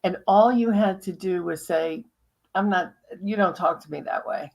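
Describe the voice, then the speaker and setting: A woman's voice: fairly low pitch, moderate pace, a little mellow. A woman hosting an interview who chats and affirms her guest. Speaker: host. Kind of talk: conversational interview.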